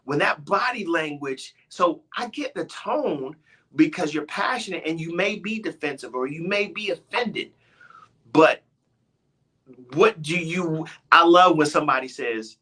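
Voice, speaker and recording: Husky, animated middle-aged radio host. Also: male voice, fairly high pitch, a little slow. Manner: animated, emphatic, often interrupting himself. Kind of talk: heated casual debate.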